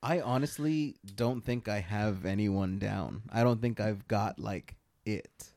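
A man's voice: lowish voice, slow, darkish tone, dry recording. A man hosting a casual chat, laughing often and prodding his friends to try impressions.

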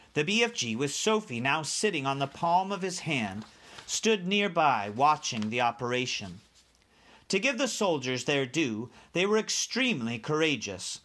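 A man narrating a children's novel aloud, expressive storytelling. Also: medium pitch.

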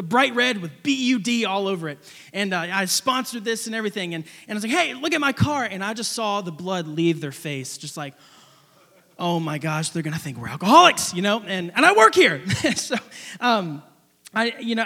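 A young man preaching a sermon, telling a personal story in an animated, rambling way with many restarts. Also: high voice, in a large hall.

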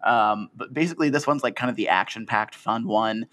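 A man's voice: lowish voice, a little fast, a bit bright. A man co-hosting a podcast in casual chat, giggly and rambling with lots of fillers. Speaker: podcast co-host.

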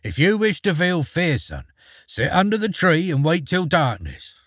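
A man's voice: a little high, sing-song, moderate pace, fairly bright tone, slightly rough, no echo, clean studio sound, voice pushed up, exaggerated voice. A man doing a sly, grim stranger. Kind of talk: storybook reading.

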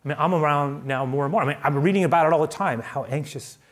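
A man preaching a sermon as pastor, who often restarts his phrases and swings between quiet asides and loud, raised emphasis. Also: quick pace. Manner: builds to loud, high-pitched emphasis, then drops to quiet asides; repeats words and restarts phrases.

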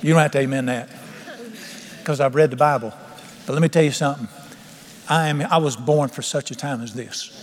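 Folksy preacher in a reverberant church. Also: male voice, mid-range voice, fairly even intonation, fairly quick, long pauses. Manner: folksy, fervent, humorous preaching. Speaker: pastor. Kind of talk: sermon. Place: church sanctuary. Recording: long church reverb, faint music.

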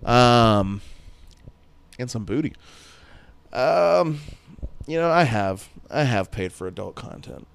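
A man's voice: medium pitch, animated, slow, vocal fry, pauses often, smooth. A man in his thirties hosting a podcast solo, rambling and joking crudely in casual chat. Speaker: podcast host.

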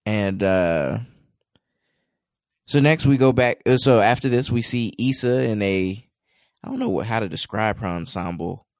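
A man's voice: lowish voice, measured pace, darkish tone, no room sound, studio quality. A man co-hosting a podcast, casually recapping an episode with a rambling delivery full of filler words. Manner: rambling, many "you know" fillers. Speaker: podcast co-host.

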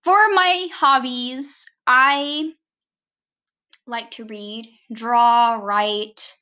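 A woman's voice: on the high side, fairly even intonation, very slow, sharp tone. A woman giving a casual, rambling self-introduction on her vlog, often correcting herself mid-sentence.

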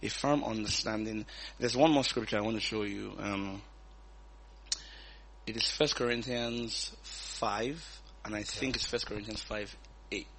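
A man and pastor teaching the Bible in a relaxed conversation, reading verses aloud and chuckling often. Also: on the low side, unhurried, vocal fry, slight background noise.

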